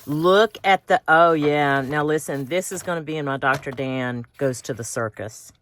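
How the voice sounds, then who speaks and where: A woman's voice: low voice, moderate pace, fairly bright tone, a little hiss or hum. A woman hosting a craft video, chatting casually and thinking aloud as she cuts out pictures.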